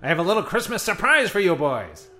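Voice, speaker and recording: Brief: man playing a perky, pompous rich miser, high, bright, bouncy delivery. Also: huge pitch swings, fast talker, soft background music, full character voice. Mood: chipper. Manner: cheery, eager, chuckling, pompous. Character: chipper, wealthy miserly politician as Scrooge. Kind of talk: radio comedy sketch.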